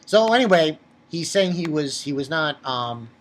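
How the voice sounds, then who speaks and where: A man giving a casual, rambling review of a comic chapter, talking excitably and jumping up in pitch when he gets worked up. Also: moderate pace. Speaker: manga reviewer.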